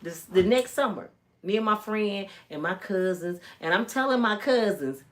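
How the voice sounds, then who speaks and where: A woman's voice: mid-range voice, normal speed. A woman in her fifties from Michigan, telling a personal story in a casual, emphatic way. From Michigan, USA. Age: 50s. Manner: animated, emphatic, acts out voices. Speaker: storytelling vlogger.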